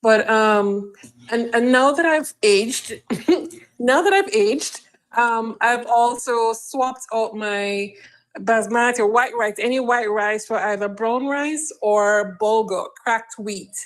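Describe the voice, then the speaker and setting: A woman from Jamaica chatting casually on a live show, unhurried, with fillers. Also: on the high side. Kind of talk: casual chat on a live stream.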